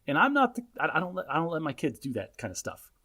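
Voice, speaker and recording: A man's voice: a little high, huge pitch swings, fast talker, sharp tone. A man in his thirties co-hosting a casual podcast, telling a parenting story in an emphatic, lecturing way. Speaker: podcast co-host.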